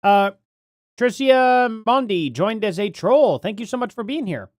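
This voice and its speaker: A man's voice: sits high, animated, unhurried, no room sound, clean studio sound. A man hosting a casual live stream, rambling and thinking aloud as he reads names from chat.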